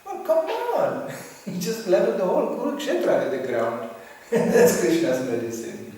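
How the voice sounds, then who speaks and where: Animated man preaching in an echoey hall. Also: sits high, normal speed. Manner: animated, laughing, acts out voices in quotes. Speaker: spiritual teacher. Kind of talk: informal religious talk. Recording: echoey hall, distant mic, faint hiss.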